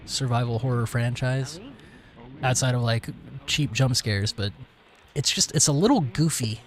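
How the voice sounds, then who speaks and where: A young man in his twenties streams a game and chats along loosely in a rambling, slangy way, swearing often and calling his viewers "bro." His voice sits at an ordinary middle pitch. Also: slight background noise. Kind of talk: casual let's-play commentary.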